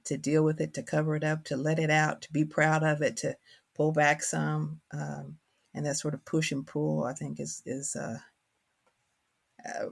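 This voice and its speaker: A middle-aged woman with a country accent, from Kentucky, talks in a low-pitched voice with vocal fry. As an author guest in a reflective interview, she's thoughtful and searches for words.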